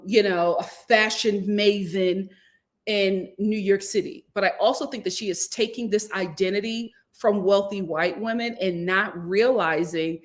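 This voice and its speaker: A woman hosting her own channel, reviewing reality TV in a casual, slangy, expressive chat that jumps high for emphasis. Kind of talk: casual vlog commentary.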